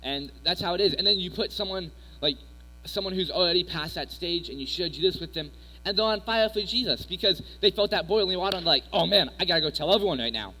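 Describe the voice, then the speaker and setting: A man's voice: high-pitched, lively intonation, fast, bright, forceful tone. A young man giving a casual, rambling youth sermon full of personal stories and fillers. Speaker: youth speaker. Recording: echoey hall with mains hum.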